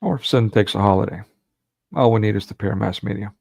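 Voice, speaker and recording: A man's voice: lowish voice, a little fast, creaky, a little mellow, dry recording. A man hosting a livestream watch party, preaching with fervent, rhetorical force. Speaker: livestream host.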